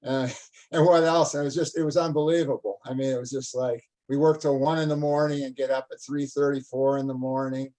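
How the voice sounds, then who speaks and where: An older man, a guest, telling a story in an animated, casual way and laughing often. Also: mid-range voice, a little fast, rough recording.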